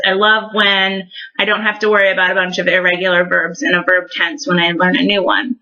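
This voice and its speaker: A woman's voice: fairly low pitch, little pitch movement, fairly quick, sharp tone, dull audio. A woman explaining verb endings in a recorded language lesson, friendly and patient, with frequent ums. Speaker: Spanish teacher.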